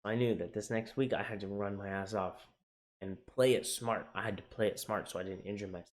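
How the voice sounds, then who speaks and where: Candid young man with a low voice. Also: fairly quick. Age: young adult. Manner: candid and emotional, swinging from quiet to excited; frequent fillers and restarts, casual swearing. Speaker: navy sailor sharing his journey. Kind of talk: personal vlog storytelling.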